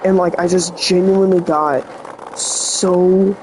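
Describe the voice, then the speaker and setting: A man's voice: sits high, fairly even intonation, takes it slowly, a little mellow, a little hiss or hum, low-quality recording. A teenage boy vlogging in an earnest, rambling way, full of "like" fillers, his voice slightly sick and cracking. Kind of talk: confessional vlog talk.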